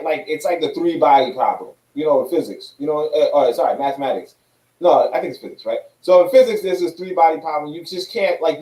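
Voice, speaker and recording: A man with a high voice rambles through a casual podcast discussion, packing his points with fillers and the odd curse. He sounds distant from the mic, in an echoey room. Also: a little mellow. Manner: rambling, swearing, many fillers.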